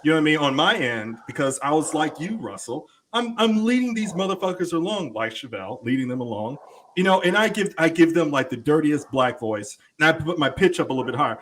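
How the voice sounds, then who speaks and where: A man's voice: a little high, lively intonation, fairly quick, fairly bright tone. Rambling, cursing man telling a story. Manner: rambling storyteller, heavy cursing, many fillers. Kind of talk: casual chat.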